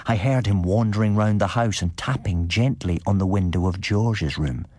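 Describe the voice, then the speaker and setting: A man tells a gothic tale in a measured, scripted narration. His voice sits very low with a husky grain, and the recording is dry and close to the mic. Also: darkish tone, no room sound.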